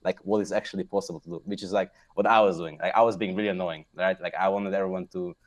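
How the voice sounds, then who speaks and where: A man's voice: deep voice, fairly even intonation, fast. A young man, a podcast guest, rambling casually with lots of fillers. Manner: rambling, filler-heavy, laughs at himself. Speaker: guest, pro gamer.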